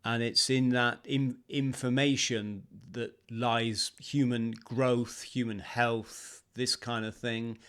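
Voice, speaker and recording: A British man hosting a podcast interview, talking in a measured, reflective way with some hesitations. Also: medium pitch, little pitch movement, fairly bright tone, smooth. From Britain. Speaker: podcast host. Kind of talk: casual interview chat.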